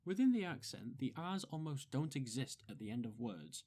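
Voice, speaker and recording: A man's voice: medium pitch, lively intonation, normal speed, few pauses, mellow. A man giving step-by-step voice-acting advice in a methodical, instructive way. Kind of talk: explanatory tutorial.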